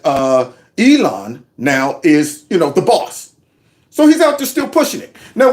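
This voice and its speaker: A man hosting a casual political commentary show, folksy and mocking, with lots of asides. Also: high-pitched. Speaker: show host.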